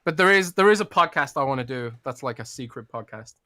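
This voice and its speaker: A man's voice: mid-range voice, lively intonation, fast, sharp tone, no echo, clean studio sound. A British man from the UK co-hosting a podcast, chatty and rambling, laughing often. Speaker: podcast co-host. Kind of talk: casual chat.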